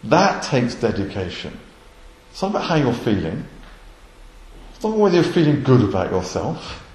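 A man's voice: medium pitch, big pitch swings, normal speed, a little mellow. A man preaching a sermon with impassioned delivery, rising to emphatic peaks. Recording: echoey room.

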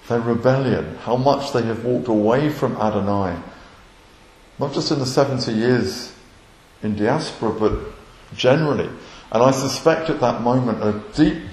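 A man's voice: fairly low pitch, a little mellow. A man preaching a sermon with impassioned delivery, rising to emphatic peaks. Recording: echoey room.

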